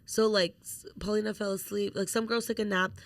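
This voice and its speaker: A young woman co-hosting a podcast tells a story in a casual chat, fairly quick, with a medium-pitched, gravelly voice and no echo. She's animated, swears freely, and acts out quotes.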